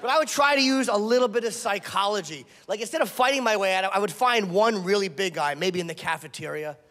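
A man's voice: high voice, fast, sharp tone. A male stand-up comedian doing a crude, self-mocking set, breaking into acted voices for his bits. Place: comedy club stage before a laughing audience. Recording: echoey live room with audience noise.

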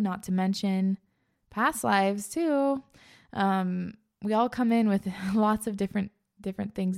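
A woman podcast host talks in a loose, heartfelt way, her sentences trailing into "like" and "um." Her mid-pitched voice carries a steady gravelly fry at the ends of phrases. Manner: gushing, earnest, full of "like" and "um". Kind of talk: casual spiritual podcast chat.

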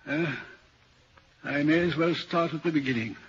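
A man's slightly high voice with a breathy edge moves at a moderate pace. He's acting in an old radio drama as a troubled railway signalman, earnestly describing a ghostly sighting in 1940s style. The recording sounds dull and old.

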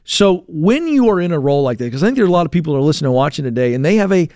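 A man's voice: fairly high pitch, sing-song, rapid-fire, a little mellow, no echo, clean studio sound. A man co-hosting a call-in radio show, talking casually with fillers and restarts as he reads from a list. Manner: conversational, frequent fillers and restarts.

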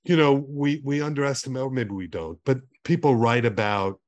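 A man's voice: mid-range voice, moderate pace, highs cut off. A man hosting a literary podcast, asking long rambling questions that often end in "right?". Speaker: podcast host. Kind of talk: conversational interview.

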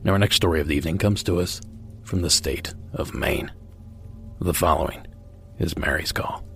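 A man hosting a podcast, introducing callers and reflecting on their stories in a measured, scripted way. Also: deep voice, creaky, a bit bright, soft background music. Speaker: podcast host.

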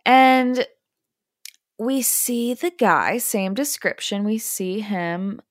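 A woman hosting a podcast, telling a story casually and acting out the quotes in hushed or high voices. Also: very slow, no echo, clean studio sound. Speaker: podcast host.

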